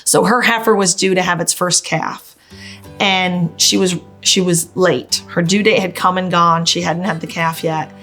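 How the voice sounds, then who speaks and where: A woman's voice: on the low side, fairly even intonation, unhurried, fairly bright tone, faint music behind. A middle-aged woman farmer from upstate New York, telling a story in a documentary interview with heartfelt emotion. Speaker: farmer and mother.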